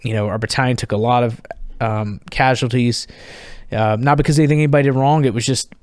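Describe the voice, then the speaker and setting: A man in his thirties, a podcast guest, telling a story in an animated way, laughing and acting out the dialogue. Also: mid-range voice, fast, clean tone, dry recording, studio quality. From United States. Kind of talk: storytelling in conversation.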